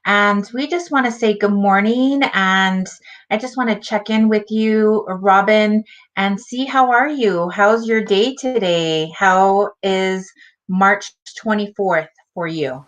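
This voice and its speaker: An enthusiastic woman hosts a virtual community wellness event. She speaks at a slow, unhurried pace. She greets each viewer by name as they check in. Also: mid-range voice, fairly bright tone. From Lakota and Taos Pueblo. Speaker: host. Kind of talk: welcoming a livestream audience.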